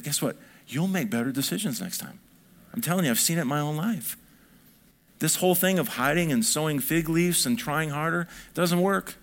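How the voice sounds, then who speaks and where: A man's voice: medium pitch, gravelly. A middle-aged man preaching a sermon in a conversational way, building up to emphatic peaks. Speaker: pastor.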